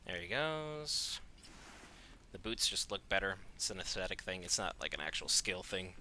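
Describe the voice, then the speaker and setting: A man's voice: low-pitched, a little fast, pushed and bright, a little hiss or hum. A man giving casual gameplay commentary as host of a gaming channel, joking and offhand, often talking to himself.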